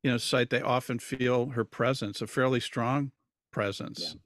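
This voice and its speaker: A man's voice: mid-range voice, fairly even intonation, measured pace, a bit bright, dry recording, studio quality. A man hosting an interview, giving supportive remarks and asking questions. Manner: supportive, asks questions, short affirmations. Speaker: interview host. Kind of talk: conversational interview.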